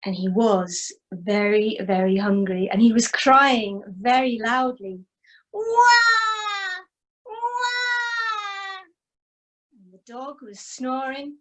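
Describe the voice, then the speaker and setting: Expressive woman storyteller. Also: medium pitch, a little slow, few pauses, rough recording. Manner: expressive, invites the audience, makes animal sound effects. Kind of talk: family storytelling webinar.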